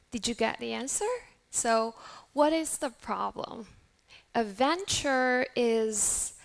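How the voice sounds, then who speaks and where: A woman teaching an English class, animated and clear as she models words for students to repeat. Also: on the high side.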